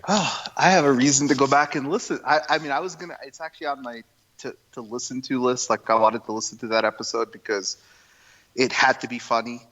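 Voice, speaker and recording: A man's voice: mid-range voice, fairly even intonation, brisk, a bit bright, lo-fi sound. A man co-hosting a podcast in casual, teasing chat.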